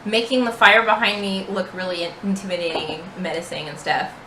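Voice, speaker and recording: Bright-voiced woman player. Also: lowish voice, steady tone, brisk. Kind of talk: casual tabletop play. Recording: roomy echo, faint hiss.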